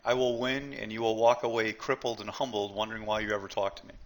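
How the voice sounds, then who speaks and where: A man's voice: fairly low pitch, flat delivery, fast talker. A man teaching a live trading seminar, blunt and emphatic, often repeating himself and talking straight to the group.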